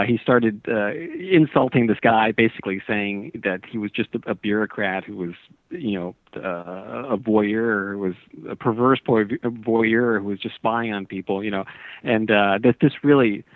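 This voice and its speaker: Over a tinny, dry phone line, a man with a fairly low voice speaks a little slowly with no room sound. He's an author guesting on a radio interview, earnestly winding through a long story and restarting often.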